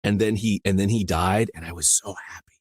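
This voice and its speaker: A man from rural Iowa, an audiobook narrator, chatting as a guest in a casual interview, rambling with many restarts and quick laughs. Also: low voice, fairly even intonation, a little mellow, no echo. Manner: rambling, full of "you know" and restarts, laughs easily.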